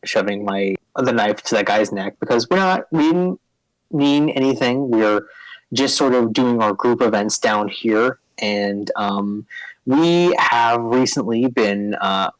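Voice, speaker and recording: A man's voice: medium pitch, takes it slowly, dry recording, close to an everyday voice, rough recording. A man voicing a nervous, over-polite young nerd who rambles out apologies. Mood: apologetic.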